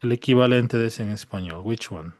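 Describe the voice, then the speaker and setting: Man, English teacher, mixes translations, asks students questions, mid pitch, dry close sound. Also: quick pace, a little mellow, no echo. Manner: mixes English with Spanish translations, checks understanding often. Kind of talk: bilingual classroom lesson.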